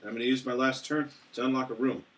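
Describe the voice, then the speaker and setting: A man playing a board game with friends, briskly reading out card text with some drama. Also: mid-range voice, fairly even intonation, a bit bright. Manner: quick, reads flavor text dramatically. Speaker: player and rules reader. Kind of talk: casual board game play, reading cards aloud. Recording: distant mic, faint noise.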